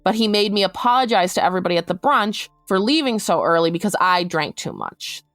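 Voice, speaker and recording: A woman recounting a distressing personal story for a podcast, talking quickly and acting out what people said. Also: mid-range voice, big pitch swings, a bit bright, no room sound, soft background music. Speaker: interviewee recounting her story.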